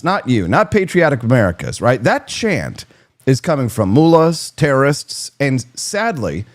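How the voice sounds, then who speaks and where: A man hosting a talk show, delivering an opinionated, sarcastic monologue and swearing freely. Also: medium pitch.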